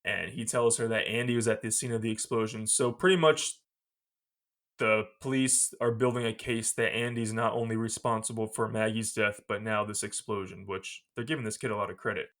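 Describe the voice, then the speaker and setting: A man hosting a podcast, retelling a movie scene by scene in a casual, animated way and laughing often. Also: on the low side, fairly quick. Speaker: podcast host.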